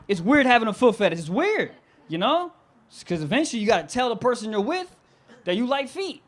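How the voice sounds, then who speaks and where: A man's voice: very high-pitched, sing-song, brisk, a little hiss or hum. A young man doing live stand-up comedy, brash and profane, laughing and riffing on the crowd.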